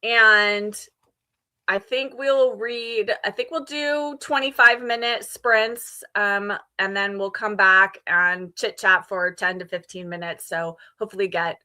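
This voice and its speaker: A woman's voice: medium pitch, fairly even intonation, takes it slowly, sharp tone. A woman hosting a livestream readalong, chatting casually and laughing often. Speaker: livestream host. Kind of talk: casual chat.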